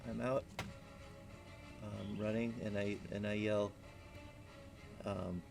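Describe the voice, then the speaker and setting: A gravelly man drawls slowly and hesitantly while playing a tabletop game. Music plays behind him. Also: on the low side, flat delivery. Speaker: player.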